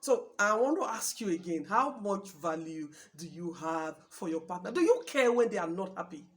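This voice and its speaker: A woman's voice: fairly low pitch, expressive, moderate pace. Emphatic Nigerian woman advising on marriage. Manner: emphatic, preachy, repeats points. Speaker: host giving marriage advice. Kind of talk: talk show address.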